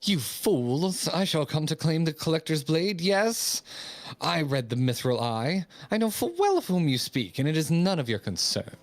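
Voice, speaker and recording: A man's voice: a little high, big pitch swings, normal speed, no echo, pitched above the performer's own voice. A man playing a haughty rich lady. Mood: imperious. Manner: imperious, theatrical, drawn out. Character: haughty rich woman collector. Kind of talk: streamer reading game dialogue aloud.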